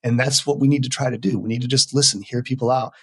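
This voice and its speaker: A middle-aged man from the United States talks quickly and earnestly as a podcast guest. His voice sits at a medium pitch and sounds close and dry, with no room echo. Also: steady tone, slightly rough. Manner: earnest, emphatic. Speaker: veteran mental health worker, interview guest. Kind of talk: casual conversational interview.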